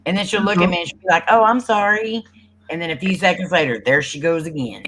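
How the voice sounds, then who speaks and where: An animated co-host with a lively, swooping voice tells everyday stories, while a crowd chatters loudly behind. The talk is casual and warm among friends. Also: medium pitch, very fast. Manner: animated storytelling. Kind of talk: casual group chat on a livestream.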